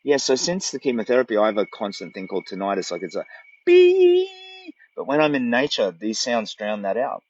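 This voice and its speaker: Speaking quickly and animatedly with hardly any pauses, this low-voiced, middle-aged Australian man chats earnestly on a phone livestream. He's a walking vlogger camped in a tent deep in the bush, rambling casually, and the sound comes through dull.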